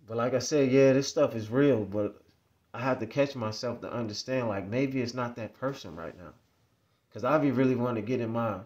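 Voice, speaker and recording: A man's voice: mid-range voice, a little mellow. A man vlogging, telling a story in a rambling, repetitive, conversational way. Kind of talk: casual storytelling monologue.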